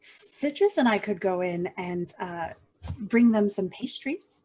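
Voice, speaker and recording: Husky-voiced woman player. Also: medium pitch, lively intonation, slow, a little mellow. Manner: hesitant, full of fillers. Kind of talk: tabletop role-play.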